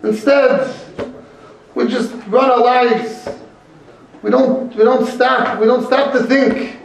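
High-voiced rabbi in an echoey hall. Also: male voice, takes it slowly, vocal fry, a little hiss or hum. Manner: conversational storyteller, peppered with Hebrew and Yiddish terms. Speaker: rabbi teaching a class. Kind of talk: storytelling Torah talk. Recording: very echoey room, mic far off.

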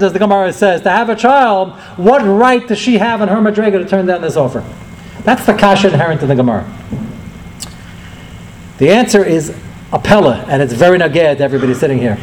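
A man's voice: sits high, a little hiss or hum, poor audio. A middle-aged man, giving a Torah lecture as a rabbi and telling stories with acted quotes. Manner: storytelling, lively acted quotes, rising and falling delivery.

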